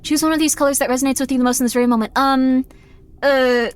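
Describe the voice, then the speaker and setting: A woman's voice: high voice, steady tone, quick pace, clear, resonant tone. A young woman streamer chatting casually while she plays, rambling with lots of fillers and self-deprecating asides. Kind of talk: casual live-stream chat while gaming.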